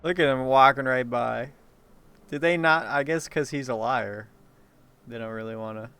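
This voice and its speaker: A man's voice: medium pitch, fairly bright tone, clear, resonant tone. A man giving casual, rambling gameplay commentary, joking and swearing freely. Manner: rambling, joking, profane, quick to laugh. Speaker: streamer playing a game.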